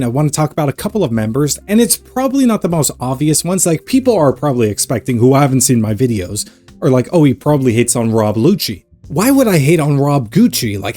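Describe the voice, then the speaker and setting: A man giving a casual commentary vlog, ranting with sarcastic, animated energy. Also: fairly high pitch. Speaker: anime reaction youtuber.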